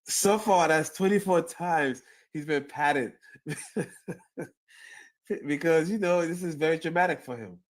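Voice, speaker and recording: A man's voice: on the high side, takes it slowly. A man hosting his own channel, chatting casually about sports and reacting to a clip, laughing often and repeating himself. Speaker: channel host.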